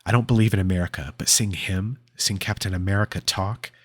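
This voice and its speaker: A man reading out the comic-book lines of a defiant adult woman cat burglar in his own low, husky voice. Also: steady tone, fairly quick. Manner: reading comic dialogue aloud.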